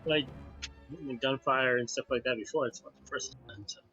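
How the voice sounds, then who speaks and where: A man playing a tabletop game, talking casually and haltingly with many restarts. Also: mid-range voice, fairly even intonation, bright, forceful tone, lo-fi sound, soft background music. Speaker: player.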